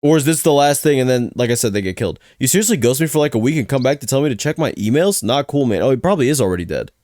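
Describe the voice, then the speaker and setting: A young man hosting a reaction video at a mid pitch, talking in casual slang. He jokes around and thinks out loud as he picks apart creepy clips. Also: animated, racing, no echo, studio quality.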